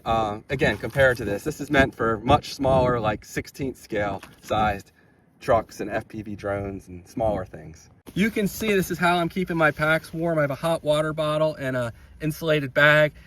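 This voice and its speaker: A man's voice: mid-range voice, moderate pace, fairly bright tone, slight background noise, low-quality recording. A man hosting a hobby vlog, testing batteries outdoors and thinking aloud as he reads numbers, openly enthusiastic about the results. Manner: enthusiastic, thinking aloud while reading data. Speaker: RC hobby channel host. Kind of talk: casual hands-on testing vlog. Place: outdoors by a road with traffic.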